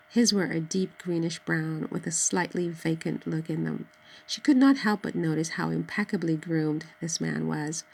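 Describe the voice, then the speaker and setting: A narrator reads a novel aloud, steady and measured, her low voice carrying a noticeable gravelly fry. The delivery stays even, like a scripted audiobook, and the recording is rough.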